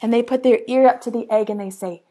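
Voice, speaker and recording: A woman teaching preschool online, reading a picture book aloud to young children in a slow, singsong storytime manner with animated exclamations. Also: fairly high pitch.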